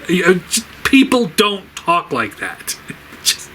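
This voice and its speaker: A man's voice: high voice, wildly swooping pitch, takes it slowly, pushed and bright, slight background noise, rough recording. A man giving a casual spoken review, rambling with many fillers, laughing often, sounding exasperated.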